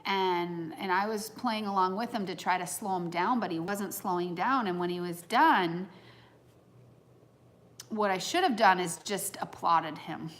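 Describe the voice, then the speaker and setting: A woman's voice: fairly low pitch, measured pace. A woman in her thirties giving a casual, reflective talk to an audience on personal growth, earnest and heartfelt as she muses aloud.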